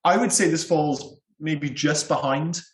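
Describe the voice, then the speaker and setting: A man's voice: on the high side, a little slow. A man, co-hosting a casual film podcast, talking bluntly and at length. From Wales. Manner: candid, blunt, rambling opinions. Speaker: podcast co-host. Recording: roomy echo.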